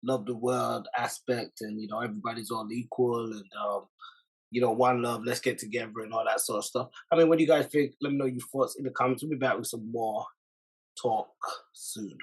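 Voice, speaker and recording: A man hosting a podcast, talking through a clip in a measured, reflective way and addressing his viewers directly. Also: medium pitch, fairly even intonation, husky, poor audio. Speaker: podcast host reacting to a clip. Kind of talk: casual commentary.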